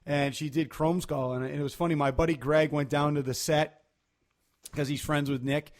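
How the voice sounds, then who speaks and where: A man's voice: on the high side, fairly even intonation, normal speed. A man, chatting casually on a podcast and telling loose, rambling stories full of fillers. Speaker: podcast co-host. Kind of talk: casual chat.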